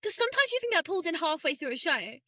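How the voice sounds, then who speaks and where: A woman's voice: very high voice, very animated, fast, pushed and bright, dry recording. A woman co-hosting a podcast, chatting casually with lots of "like" fillers. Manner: chatty, many "like" fillers, laughs often. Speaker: podcast co-host. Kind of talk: casual chat.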